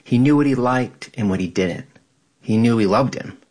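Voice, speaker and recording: A man calmly reading his own personal essay in a measured, reflective way. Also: mid-range voice.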